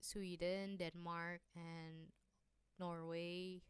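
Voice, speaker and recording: A woman's voice: lowish voice, level tone, extremely slow, clear, resonant tone, no echo. A young woman whose first language is Indonesian gives a class presentation, hesitant, with many fillers and restarts. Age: young adult. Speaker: student presenter.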